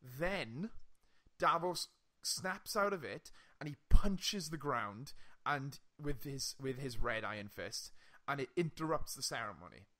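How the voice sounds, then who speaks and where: A young man co-hosting a casual podcast, retelling a TV episode with lively swearing and frequent laughs. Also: medium pitch, unhurried. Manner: animated storytelling, swearing, laughing often. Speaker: podcast co-host. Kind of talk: casual chat.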